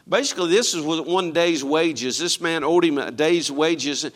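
A man's voice: a little high, fairly bright tone. A man preaching a sermon emphatically, calling out to his congregation for responses. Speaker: pastor.

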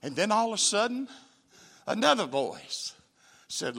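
A man's voice: high-pitched, sing-song, measured pace, creaky, a bit bright, slightly rough. A man, a missionary preacher telling a testimony in a church sermon, folksy and emphatic. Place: church sanctuary.

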